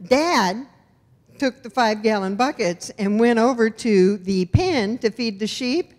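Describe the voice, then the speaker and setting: A woman's voice: mid-range voice, measured pace. Wry woman telling a story. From rural Iowa, US. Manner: wry, expressive, animated in punchlines. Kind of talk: live personal storytelling. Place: storytelling event venue. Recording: long hall reverb.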